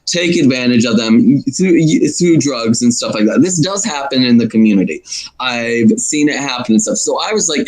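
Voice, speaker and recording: A man's voice: medium pitch, low-quality recording. A man in a casual political discussion, talking in a rambling way and often correcting himself mid-sentence.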